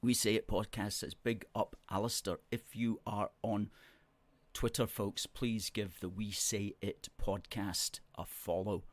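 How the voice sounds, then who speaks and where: A man's voice: lowish voice, fairly even intonation, measured pace, no echo. A man hosting a live stream, reading out viewer comments and answering them with emphatic, repeated words. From Scotland. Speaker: host.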